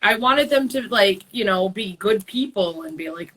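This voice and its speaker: Blunt, bright-voiced woman host. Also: mid-range voice, expressive, normal speed, few pauses, poor audio. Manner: blunt, swears freely. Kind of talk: casual chat.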